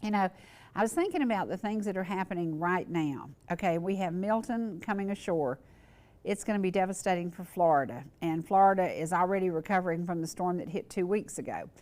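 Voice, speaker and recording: A woman's voice: fairly low pitch, expressive, brisk, darkish tone. A woman hosting a local talk show, speaking earnestly and repeating words for emphasis.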